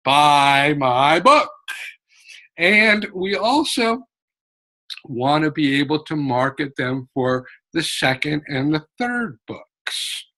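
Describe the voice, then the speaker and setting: A man giving a casual, unhurried lesson on book marketing from an office, explaining step by step with frequent fillers. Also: on the high side, sing-song, pushed and bright, low-quality recording. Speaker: writing and marketing instructor. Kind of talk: casual instructional talk to camera.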